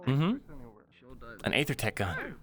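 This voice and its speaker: A man role-playing in character, talking with teammates in an animated, caring and slightly bossy way. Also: mid-range voice, slow pace, a crowd in the background. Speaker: role-play player. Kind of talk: in-character role-play chat. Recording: music playing behind.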